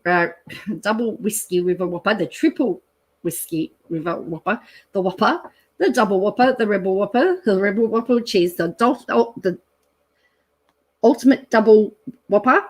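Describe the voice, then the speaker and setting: A middle-aged Australian woman talking casually to her viewers, full of ums and asides. Her voice sits in an ordinary middle range, rambling and easygoing, with bursts of excited laughter. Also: mid-range voice. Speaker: channel host. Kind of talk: casual chat reading a menu aloud.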